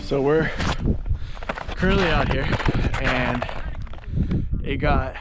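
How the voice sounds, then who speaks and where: A man's voice: mid-range voice, slow pace, loud music behind the voice. A man casually narrating a winter hiking trip for his travel vlog. He talks in a loose, rambling way with many fillers. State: out of breath. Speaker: vlogger. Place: outdoors in winter, later inside a vehicle.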